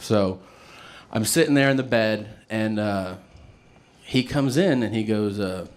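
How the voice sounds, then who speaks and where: A man doing stand-up, telling a story in a lively, profane way and laughing as he goes. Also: fairly low pitch, moderate pace. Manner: animated, profane, laughing through his story. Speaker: stand-up comedian.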